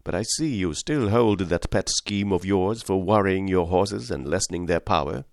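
A stern, upright gentleman of the old country estate, read by a man in a low voice. He speaks with grave, measured reproach, every word carrying moral weight. The voice is dry and close, with no room around it. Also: gravelly, dry recording. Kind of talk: audiobook character reading.

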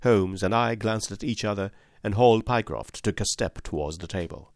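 A man narrating a classic story in an expressive, dramatic reading style. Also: on the low side, moderate pace, dry recording, studio quality. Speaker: audiobook narrator.

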